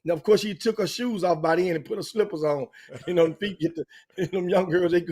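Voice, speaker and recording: An older man with a drawl spins a long, meandering story as a talk show host. His voice sits a little high, and he circles back on himself as he talks. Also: brisk. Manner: animated, rambling anecdote with frequent restarts. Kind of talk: casual storytelling chat.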